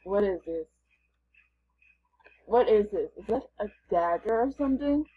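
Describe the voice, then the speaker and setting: A woman's voice: medium pitch, animated, a little slow, slightly rough, narrow, tinny audio. A woman gamer giving casual, playful commentary as she plays, chatting and thinking aloud. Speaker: gamer vlogger.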